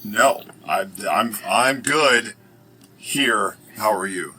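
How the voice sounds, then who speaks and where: A man's voice: fairly low pitch, drawn-out words, sharp tone, soft background music. A man playing a tabletop game, joking and a little flustered about his turn. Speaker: player.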